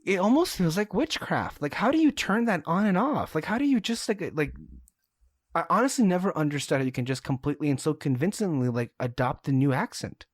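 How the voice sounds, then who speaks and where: A man's voice: a little high, sing-song, brisk, dry recording, clean studio sound. A man co-hosting a podcast, talking casually and hesitantly with many fillers and self-corrections. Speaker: podcast co-host reviewing a TV series.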